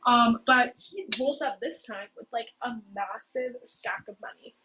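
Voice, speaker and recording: A woman's voice: unhurried, pushed and bright. A young woman hosting a video, casually recapping a story in a chatty way, with lots of "like" and "okay?". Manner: chatty, heavy use of "like" and "okay?". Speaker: video host. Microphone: cheap home mic. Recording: noisy low-quality home mic with clicks.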